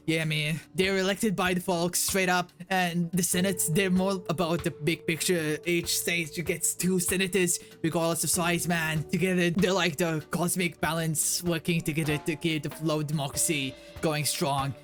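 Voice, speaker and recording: A man doing a mellow hippie stoner. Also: a little high, level tone, normal speed, few pauses, soft background music, natural voice. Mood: laid-back. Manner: drawling slang, man and dude.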